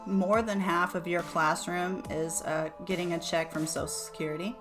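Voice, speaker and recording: A woman co-hosting a casual podcast, questioning and reasoning things through out loud. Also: lowish voice, fairly even intonation, normal speed, music in the background. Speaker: podcast co-host. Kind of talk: casual chat.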